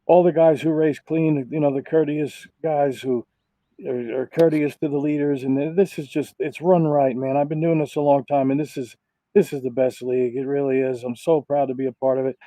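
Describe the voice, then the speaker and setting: Male driver, dark mellow tone, dry close sound, emotional rambling thank-yous. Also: medium pitch, steady tone, moderate pace, no room sound, rough recording. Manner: heartfelt, rambling thanks with many fillers. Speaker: race car driver. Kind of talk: post-race shout-outs over a broadcast.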